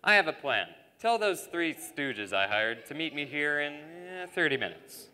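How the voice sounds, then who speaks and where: A young man playing a blustering, scheming saloon boss barks orders in a bright, lively voice. His lines ring with long reverb through a church hall during a live school play. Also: on the high side, normal speed, clean tone. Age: teens. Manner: blustering and commanding. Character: scheming bossy male saloon owner. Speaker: student actor. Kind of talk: live stage acting. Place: church stage.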